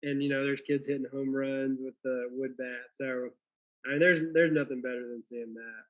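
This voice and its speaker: A man's voice: mid-range voice, fairly even intonation, normal speed. Man on slightly dull lo-fi audio. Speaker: guest, small business owner. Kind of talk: casual interview chat.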